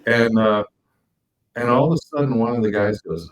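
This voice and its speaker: A man co-hosting a podcast, telling animated stories and acting out quotes with big jumps in his voice. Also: lowish voice, normal speed, rough recording. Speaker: podcast co-host. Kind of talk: casual storytelling chat.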